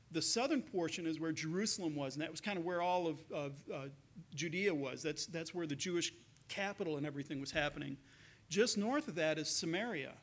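A man's voice: fairly high pitch, fairly bright tone. A pastor preaching a sermon, telling a story in an earnest way and often repeating words as he goes.

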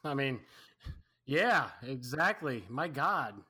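A man's voice: mid-range voice, animated, slow pace, sharp tone, slightly rough. A man co-hosting a podcast, swearing and exclaiming through casual chat. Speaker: podcast co-host.

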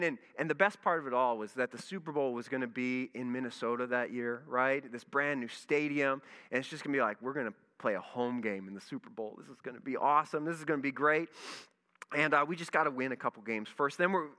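A man, a pastor, telling a lively story in a sermon and acting out his own reactions. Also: on the high side, clear, resonant tone. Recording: long reverb in a large hall.

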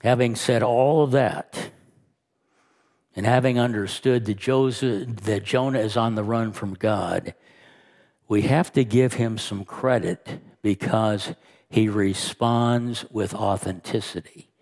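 A man pastor preaching a sermon, slow and emphatic, rising and quickening when he retells scenes. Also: lowish voice, steady tone, a little mellow.

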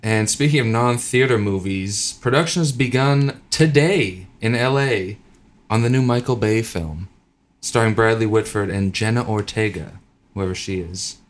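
A man co-hosting a casual podcast about movies and TV, joking and laughing often. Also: fairly low pitch. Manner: jokey, laughs often, quick asides. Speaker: podcast co-host.

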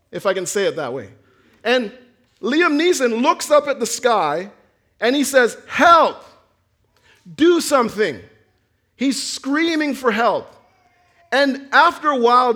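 A man preaching a sermon, earnest, swinging from raised, near-shouted lines down to quiet ones. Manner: earnest preaching, rising to near-shouts then dropping low. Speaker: pastor.

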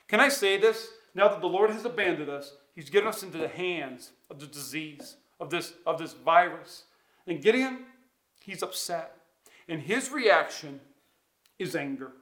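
A man preaching as a pastor, earnest and emphatic, with dramatic pauses and repeated phrases. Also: on the high side, expressive, a bit bright, roomy sound. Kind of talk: sermon. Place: church, streamed online.

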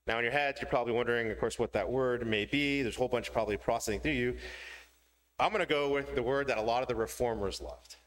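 A man's voice: medium pitch, quick pace, a bit bright, slight background noise. A man giving a sermon to a congregation, telling a story with playful voice changes. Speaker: pastor. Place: church hall before a congregation.

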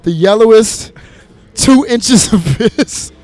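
Guy from minneapolis with a high voice, loose swear-heavy storyteller, laughs a lot. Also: takes it slowly, dry recording. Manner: animated storyteller, swears freely, laughs often. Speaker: DJ and producer, guest. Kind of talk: casual interview chat.

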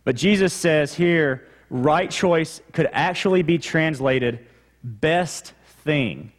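A man's voice: a little high, lively intonation, takes it slowly. A male pastor preaching a teaching sermon, explaining the text and repeating key points for emphasis.

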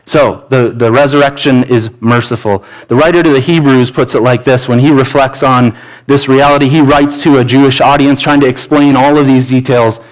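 Man, pastor, sermon, earnest, pleading, mid-pitched voice, church. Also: steady tone, normal speed, poor audio. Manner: earnest, pleading, with repeated restarts. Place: church sanctuary.

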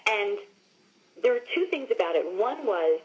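Very animated yet moderate in pace, a woman with a medium-pitched voice tells stories on lo-fi audio. She is an actress guesting in a casual interview, from Long Island, New York, frequently saying "like" and "you know."

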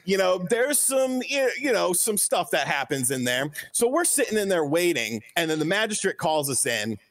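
A man from North Carolina telling a story on a podcast in an animated, casual way, swearing freely and acting out quotes. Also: normal speed, no room sound, clean studio sound. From North Carolina, USA. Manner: animated, swears freely, acts out quotes with big pitch swings. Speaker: podcast co-host.

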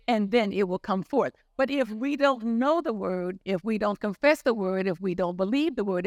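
A woman's voice: on the high side, dry recording. Earnest woman preaching in a dry room. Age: older. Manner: earnest, repetitive testimony. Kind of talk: sermon.

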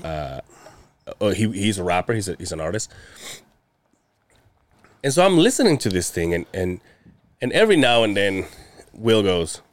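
A man's voice: low voice, no room sound. A man co-hosting a casual podcast, rambling through stories, swearing and laughing often. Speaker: podcast co-host. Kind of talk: casual chat.

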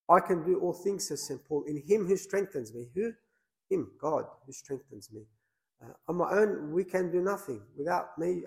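A man's voice: a little high, gravelly, a little mellow, low-quality recording. A man, a priest, preaching a sermon in a plain conversational way, with many fillers and restarts.

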